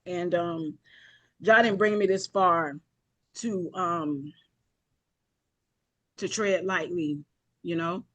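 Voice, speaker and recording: A woman's voice: on the low side, slow pace, pauses often, fairly bright tone. A woman giving an emotional keynote speech on a video call, building rhythmic lists and often apologizing. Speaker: keynote speaker. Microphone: video call mic.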